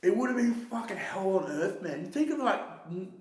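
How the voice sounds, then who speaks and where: Rambling, animated man in a roomy space. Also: sits high, normal speed. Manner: rambling, animated, swears often, trails into restarts. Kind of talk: casual conversation. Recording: echoey roomy sound.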